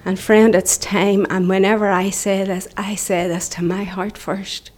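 A woman's voice: medium pitch, little pitch movement, unhurried, darkish tone. A middle-aged woman with a Northern Irish accent gives an earnest, impassioned church testimony, sometimes dropping into a whisper. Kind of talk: preaching testimony.

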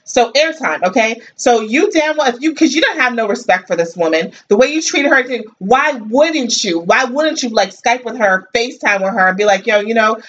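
A woman's voice: on the high side, lively intonation, normal speed, few pauses, a little hiss or hum. A woman co-hosting a podcast, talking bluntly and profanely with lots of slang. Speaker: podcast co-host. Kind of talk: casual chat recapping a reality show. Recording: distant, dull lo-fi mic.

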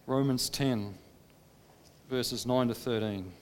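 Guy preaching a sermon, a bit high voiced, goes from pleading loud to hushed, big echoey church sound. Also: expressive, takes it slowly, long pauses, slight background noise. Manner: dramatic, rising to impassioned pleading then hushed. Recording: long reverb of a large hall.

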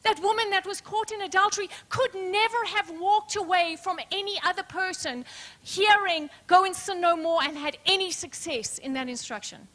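A woman pastor preaching a sermon, emphatic and questioning, dropping to soft hushed words, calling the congregation her friends. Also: very high-pitched, moderate pace. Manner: addresses congregation as friends, asks rhetorical questions. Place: church.

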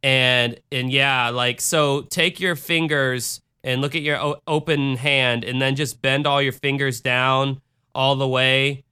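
Chatty American man, bright clear voice. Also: mid-range voice, steady tone, slow. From United States. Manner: chatty, retells cases with asides and bad impressions. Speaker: podcast host. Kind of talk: casual true-crime chat.

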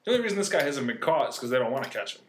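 A man talks fast and drops wry remarks into a casual comedy chat. The sound is echoey, with a faint hiss behind it. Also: mid-range voice, sing-song. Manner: quick, wry commentary. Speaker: podcast guest.

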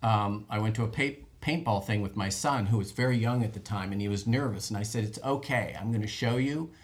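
A man's voice: lowish voice, a little fast, a little hiss or hum. A man telling a rambling, self-deprecating story in casual group chat.

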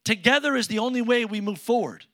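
Male pastor, conversational sermon delivery, high pitched with a crisp bright tone. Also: expressive, fast. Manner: conversational preaching with jokes and questions to the congregation. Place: church sanctuary with congregation.

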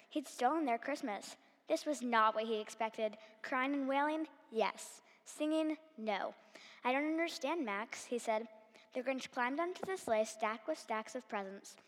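Brief: female storyteller reading aloud, animated, reverberant hall. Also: on the high side.

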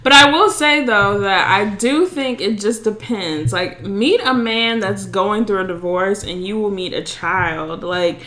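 A woman's voice: medium pitch, measured pace, few pauses, bright, forceful tone, reverberant. A woman in a casual group discussion, challenging the others with probing questions. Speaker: discussion panelist.

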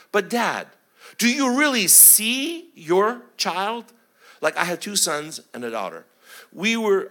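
A middle-aged man, a guest preacher, giving an animated sermon full of stories and swings between booming and hushed delivery.

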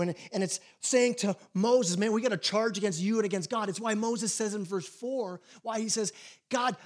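A man with a notably high voice delivers a sermon as pastor. He tells stories in an animated way, stumbles into quick restarts and acts out the quotes he uses. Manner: animated storytelling with acted quotes and repeated restarts.

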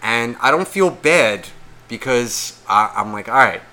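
A man's voice: medium pitch, expressive, takes it slowly, pushed and bright. A man co-hosting a podcast, telling a rambling, exasperated story full of swearing and acting out the people in it. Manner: acts out the voices of people in his stories. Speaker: podcast co-host. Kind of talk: casual storytelling rant.

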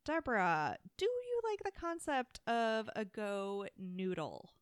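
A woman co-hosting a casual talk show, telling stories in an animated way and laughing often. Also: fairly high pitch, slow, clear, resonant tone, no room sound, clean studio sound. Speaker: podcast co-host. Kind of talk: casual chat.

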